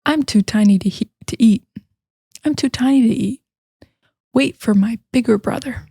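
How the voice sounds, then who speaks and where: A woman's voice: fairly high pitch, normal speed, vocal fry, mellow, husky, dry recording, studio quality. A woman voicing the smallest billy goat, pleading not to be eaten. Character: tiny young male billy goat, pleading.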